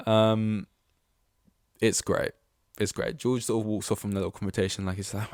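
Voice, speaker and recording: A young man with a fairly low voice rattles through casual podcast commentary, excitable and swearing freely. He slips into quoted voices as he goes. The sound is dry and close, with no room around it. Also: a little fast, no room sound. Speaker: podcast host.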